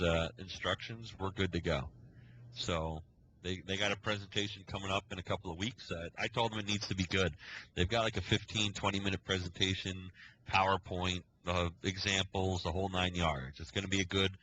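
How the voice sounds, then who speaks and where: Deep-voiced man telling a rambling story. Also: little pitch movement, brisk, sharp tone, a little hiss or hum, poor audio. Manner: rambling storyteller who acts out quoted dialogue. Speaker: scoutmaster, podcast co-host. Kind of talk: casual podcast storytelling.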